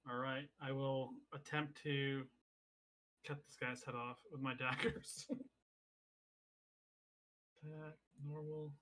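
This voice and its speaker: A woman playing a tabletop game, calling her attacks in a quiet, offhand way from some distance. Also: rumbling low, level tone, slow, long pauses. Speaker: player. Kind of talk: casual tabletop play.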